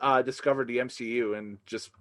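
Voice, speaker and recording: A man's voice: medium pitch, fairly even intonation, fairly quick. A man hosting a casual review podcast, speaking in an easygoing way that is full of chuckles and hesitant fillers. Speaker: podcast host. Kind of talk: casual wrestling review chat.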